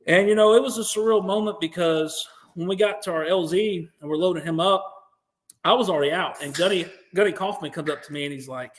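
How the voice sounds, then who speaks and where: American male guest, slightly high voice, animated, swears freely, acts out what others said. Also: fairly quick. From United States. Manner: profane, animated, acts out quotes. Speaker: podcast guest, veteran. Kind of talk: interview storytelling.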